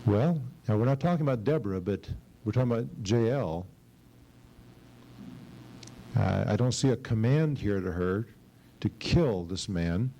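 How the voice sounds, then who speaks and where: A man's voice: lowish voice, lively intonation, normal speed, mellow, dull audio, slight background noise. A middle-aged male pastor preaching an expository sermon at a church service, reading scripture dramatically and asking his class questions.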